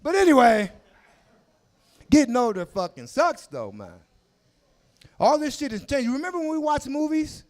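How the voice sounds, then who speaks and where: Loud, high-pitched man doing stand-up. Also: moderate pace, long pauses. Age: 40s. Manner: loud, crude, animated storytelling with shouted asides. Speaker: stand-up comedian. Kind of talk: stand-up comedy set. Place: comedy club stage with a live audience.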